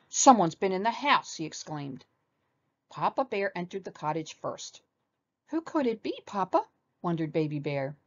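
A woman reading a children's story aloud with animated expression. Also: low-pitched, lo-fi sound.

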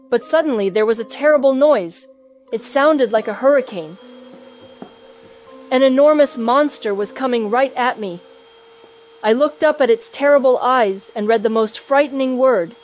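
A woman reads a children's picture book aloud in a fairly high, even voice. She tells the story clearly and steadily, as a hamster recounting his own adventure, with soft background music playing beneath her. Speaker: storybook reader. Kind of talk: children's read-aloud narration.

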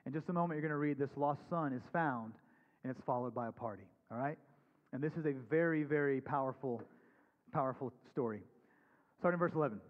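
A man's voice: medium pitch, quick pace. Earnest male pastor preaching in a hall. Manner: earnest, conversational preaching with scripture reading. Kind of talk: sermon. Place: church sanctuary. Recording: dull recording with long hall reverb.

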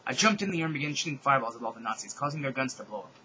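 Man reading aloud in mock-serious deadpan. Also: medium pitch, rapid-fire, slight background noise, low-quality recording. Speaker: reader of a fan fiction. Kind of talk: comedic dramatic reading with sarcastic asides.

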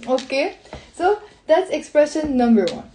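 A woman teaching Lebanese Arabic in a live-streamed lesson, chatty and laughing often, greeting viewers as she drills phrases slowly. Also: sits high, expressive, mellow, a little hiss or hum.

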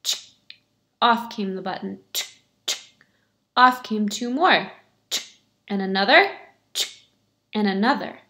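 A woman teacher reading a picture book aloud to her pupils, in a clear storytelling manner. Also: medium pitch, slow, long pauses, pushed and bright.

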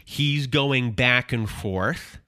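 A man hosting an interview podcast, recapping the guest's story in a measured way before asking his questions. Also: mid-range voice, sharp tone, no echo, clean studio sound.

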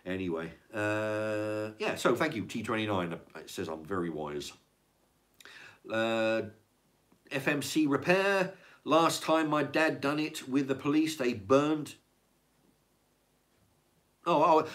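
A man's voice: mid-range voice, big pitch swings, slow pace, pauses often, fairly bright tone. An older man, chatting casually on a livestream and reading out viewer comments, rambling, repeating words and swearing. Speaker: livestream host reading chat. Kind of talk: casual chat.

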